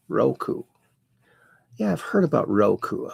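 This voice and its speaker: A man hosting a casual livestream, slowly reading chat messages aloud with sudden bright upswings. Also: mid-range voice, animated, gravelly, no room sound. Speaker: host.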